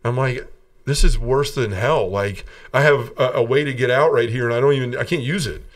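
A middle-aged man, a podcast guest, telling his personal testimony in an earnest way, often restarting his sentences and going quiet when he quotes others. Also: medium pitch, fairly quick, distant mic.

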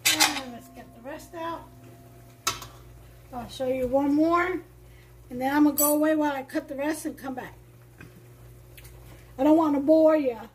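Chatty high-voiced woman cooking host. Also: fairly even intonation, moderate pace, pauses often, a little hiss or hum. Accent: Brooklyn. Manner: chatty, enthusiastic, talks to viewers. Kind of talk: casual cooking demonstration. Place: home kitchen.

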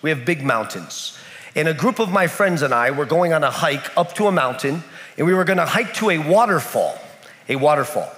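Animated male preacher in an echoey hall. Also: a little high, a little fast. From United States. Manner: storytelling with repetition. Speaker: pastor. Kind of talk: sermon. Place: church in Kenya.

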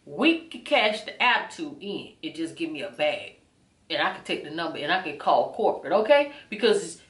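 Animated woman ranting in an echoey room. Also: lowish voice, moderate pace. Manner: animated, indignant storytelling with a few whispered bits. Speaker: vlogger. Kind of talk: storytime rant.

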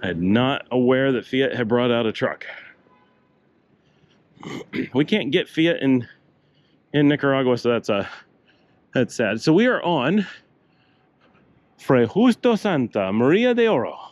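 Older man, casual walking-tour chatter, slightly winded, dull dry phone-mic sound, middle pitch. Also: lively intonation, unhurried, long pauses, no echo. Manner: chatty, rambling asides. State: breathing hard with a slight cough. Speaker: travel vlogger. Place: city streets outdoors, walking.

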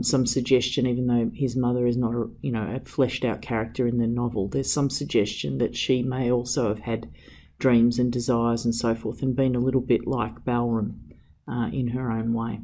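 A male teacher analyses a novel for his students, reflective and unhurried. He hesitates often, feeling his way through the ideas. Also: medium pitch, level tone, dark tone. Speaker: literature teacher. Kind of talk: reading and analysis lesson.

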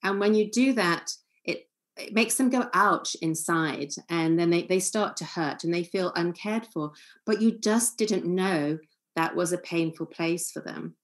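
A woman giving a calm, earnest seminar lecture as a family therapist, acting out short example lines. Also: fairly low pitch, a little slow.

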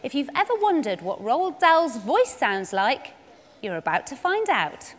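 Upbeat lady hosting a kids' show, high voice, long echo in a big theatre. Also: big pitch swings, a little slow, heavy background noise. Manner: bubbly, enthusiastic. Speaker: event host. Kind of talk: live children's show presenting. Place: large theatre. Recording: echoey theatre hall.

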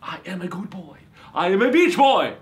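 A man's voice: high-pitched, big pitch swings, normal speed. A man doing a hammy campy vampire. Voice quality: theatrical, sudden shouts. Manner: hammy, boastful. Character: campy male vampire turned beach boy. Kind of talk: comedy sketch.

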